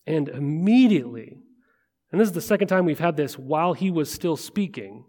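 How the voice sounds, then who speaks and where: A man preaching a sermon in a conversational way, often checking in with listeners and slowing to a hush at weighty moments. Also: on the high side, expressive. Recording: long reverb of a large hall.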